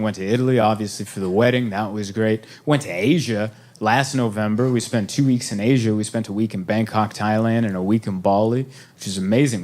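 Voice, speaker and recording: A young adult man performing a stand-up comedy set on a club stage into a handheld mic, shifting from deadpan storytelling to loud, animated punchlines. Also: mid-range voice. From United States. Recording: live club room with audible noise.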